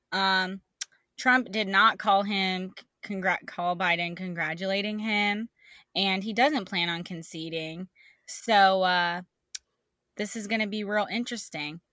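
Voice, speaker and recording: A woman's voice: mid-range voice, measured pace, sharp tone, no room sound, studio quality. A woman chatting casually, making hesitant, teasing asides. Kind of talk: casual group chat.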